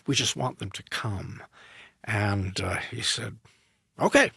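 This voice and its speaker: An American opera director and tenor, appearing as a podcast guest, tells a story slowly in a low, gravelly, somewhat husky voice. He brings the anecdote to life by playing both people in the conversation, and the dry recording has no echo or room sound.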